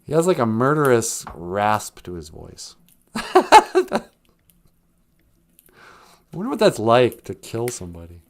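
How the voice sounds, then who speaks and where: Joking man with a lively pitch. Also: takes it slowly, long pauses. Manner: joking, laughs often, slips into silly voices. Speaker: podcast host. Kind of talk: comedic livestream podcast chat.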